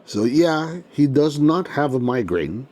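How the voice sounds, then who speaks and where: A man's voice: on the high side, sing-song, a little slow, a little mellow. A man hosting a casual toy unboxing, chatty and playful with jokes as he goes. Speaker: toy collector host.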